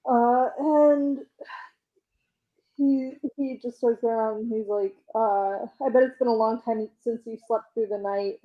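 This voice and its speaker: A woman's voice: on the high side, steady tone, narrow, tinny audio. A woman co-hosting a podcast, casually retelling a comic story and acting out the characters' lines with laughter. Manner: retells scenes by quoting characters in quick voices, laughs often. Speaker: podcast co-host recapping a comic. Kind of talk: casual chat.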